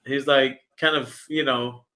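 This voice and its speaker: A man co-hosting a podcast, chatting casually and laid-back, chiming in with quick agreement. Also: mid-range voice, fairly even intonation, pushed and bright. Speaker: podcast co-host. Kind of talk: casual chat.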